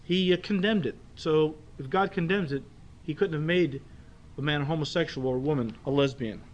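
A male pastor preaching a sermon, emphatic, slowing down to stress key phrases and checking in with the congregation. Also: fairly high pitch, dull audio. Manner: speaks directly to the congregation with rhetorical checks.

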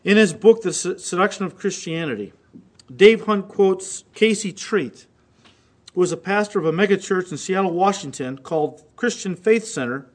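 In a recorded sermon, a man with a high-sitting voice, lively intonation and moderate pace reads quotations aloud. He acts them out, mimicking voices with mounting intensity.

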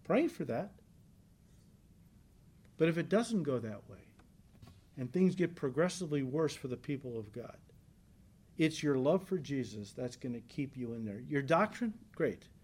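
A man's voice: mid-range voice, expressive, a little slow, long pauses, a little mellow, slightly rough. A male pastor giving an earnest, emphatic sermon to a congregation in church. He repeats key lines for stress and often checks in with "right?".

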